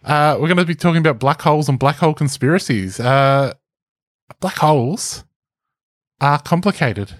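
A man's voice: a little high, lively intonation, moderate pace, dry recording, studio quality. A man, co-hosting a casual podcast, explaining things in a joking, rambling way. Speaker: podcast co-host. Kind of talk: casual chat.

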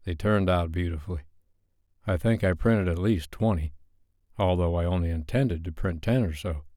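A man playing a gentle, soothing protective man. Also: low-pitched, moderate pace, dry recording, clean studio sound, lightly acted. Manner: soft, soothing, tender. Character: gentle, protective grown man comforting his partner.

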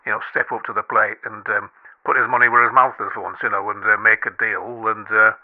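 A man's voice: on the low side, level tone, brisk. Hesitant older man on a phone line. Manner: hesitant, filler-heavy, stammering. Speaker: caller. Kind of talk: phone-in call.

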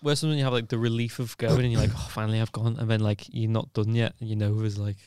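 A man's voice: on the low side, level tone, quick pace, darkish tone, smooth, no echo, studio quality. A man, a guest telling embarrassing stories about himself in casual chat.

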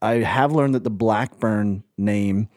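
A man's voice: fairly low pitch, slow pace, darkish tone, no echo. Young guy from alabama cohosting a podcast, rambles a lot, laughs, dead dry mic. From Birmingham, Alabama. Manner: rambling, searching for words, laughs often. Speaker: podcast co-host. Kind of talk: casual chat.

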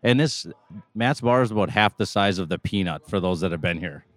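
A man from Minnesota, a guest on a casual podcast, explaining local food in a relaxed, dryly joking way. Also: deep voice, brisk, no room sound. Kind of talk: casual chat.

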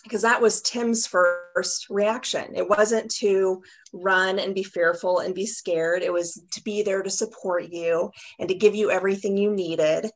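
A woman's voice: medium pitch, steady tone, unhurried. A woman host of a podcast interview, speaking with emotion and on the edge of tears as she praises her guest. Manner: emotional, warm-hearted praise, near tears.

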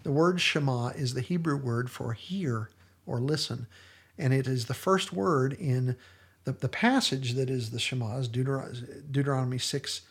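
A man's voice: mid-range voice, normal speed, slightly rough. A man hosting a podcast, retelling scenes in an earnest, enthusiastic casual discussion. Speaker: podcast host.

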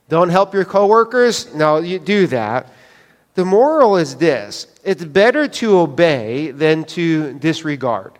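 High-pitched guy preaching, chatty and jokey with his church, walking around w a wireless mic, lots of hall echo. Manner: conversational, joking with the congregation. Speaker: pastor. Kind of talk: sermon. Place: church sanctuary. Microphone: wireless mic, moving around.

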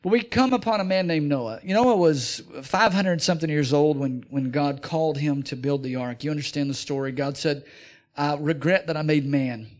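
A middle-aged man preaching a sermon as pastor, talking in an animated way and building up to near-shouted exhortations. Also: fairly high pitch, fairly quick, hardly any pauses.

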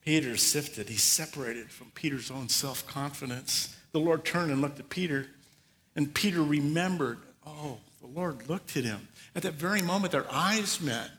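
A man preaching a sermon, telling the story with lively acted-out asides. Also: a little high, moderate pace, long reverb tail. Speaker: pastor.

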